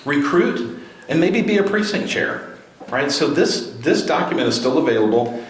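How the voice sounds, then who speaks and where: A man's voice: a little high, lively intonation, normal speed. A man giving a motivational talk to a live audience, urging them on with repeated rallying questions. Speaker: speaker at a grassroots political gathering. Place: event room with a crowd. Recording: very echoey room, faint noise.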